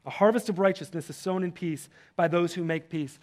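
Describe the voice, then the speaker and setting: Pastor guy preaching, pretty high voice, gets loud and fired up then goes soft. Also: brisk. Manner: animated preaching, voice rises when fired up; drops soft and low for prayers. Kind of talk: sermon.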